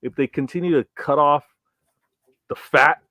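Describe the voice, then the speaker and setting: A man's voice: on the high side, bright, forceful tone, dry recording. Hesitant man in football debate. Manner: measured, hesitant, thinks aloud with fillers. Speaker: co-host, not a United fan. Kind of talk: casual football podcast chat.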